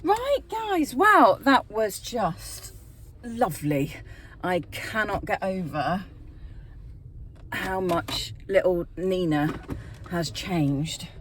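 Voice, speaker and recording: A woman, working as a dog trainer, chatting casually to camera on a walk and praising the dogs in bright sing-song bursts. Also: medium pitch, very animated, extremely slow, a little hiss or hum. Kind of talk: casual vlog chat while training dogs outdoors. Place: outdoors on a walk.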